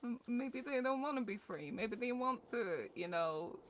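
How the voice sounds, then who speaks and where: A woman's voice: fairly high pitch, animated, a little slow, slight background noise. A young Scottish woman streaming a game, joking and swearing as she chats with her viewers. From Scotland. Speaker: gaming streamer. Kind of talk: casual game commentary with chat.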